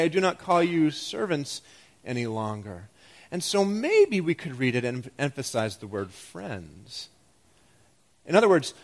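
With a voice on the high side, this male preacher gives a lively, self-mocking sermon that shifts between booming enthusiasm and hushed, pointed moments.

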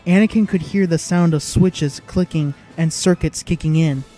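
A man's voice: fairly high pitch, moderate pace, dark tone, faint music behind. A man giving dramatic, vivid scripted narration of an audiobook.

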